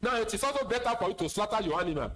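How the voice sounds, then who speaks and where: Higher-voiced Nigerian imam preaching. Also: male voice, animated, rapid-fire, a bit bright, a little hiss or hum, poor audio. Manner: plain-spoken, teasing asides, repeats words. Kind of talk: sermon lecture.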